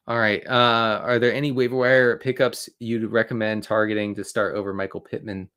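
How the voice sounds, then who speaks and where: Male sports analyst, casual live stream, fast rambling delivery with sarcastic rants, restarts and asides. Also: fairly low pitch, little pitch movement, fairly bright tone, clear, resonant tone. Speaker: fantasy football analyst answering viewer questions.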